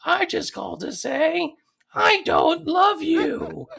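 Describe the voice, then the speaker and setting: A man doing a shrill scolding old mother. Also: big pitch swings, slow pace, creaky, bright, forceful tone, heavily acted.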